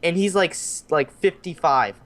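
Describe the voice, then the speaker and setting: A young podcast host with a slightly high voice spins a story at a moderate pace. He is animated and casual, doing impressions of the people in the tale and swearing freely.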